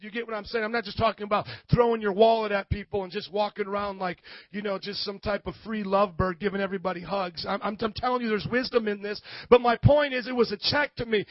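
A male pastor preaches with fervor, his voice sitting very high and climbing into shouts. The sound is dry and a little muffled, with no room around it. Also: dry recording. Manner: impassioned preaching, rising to shouts. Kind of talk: sermon.

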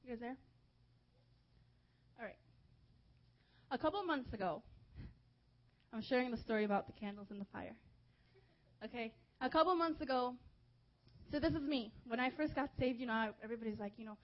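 A young woman preaching a sermon, telling a personal story in a lively, chatty way with lots of "like"s. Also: a little high, normal speed, long pauses. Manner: lively, chatty, many filler "like"s. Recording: dull lo-fi recording.

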